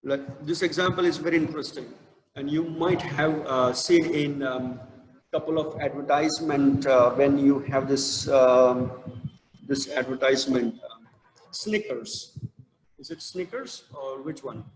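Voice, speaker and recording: A man with an Indian English accent teaching an English literature class, with many fillers and restarts. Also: medium pitch. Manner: slow stressed reading of verse. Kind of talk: online lecture. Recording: echoey room with long reverb, faint noise.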